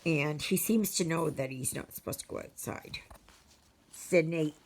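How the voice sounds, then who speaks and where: A woman's voice: low voice, normal speed, breathy edge. A Canadian woman chatting casually to her viewers as a cross-stitch vlogger, rambling and storytelling with many fillers.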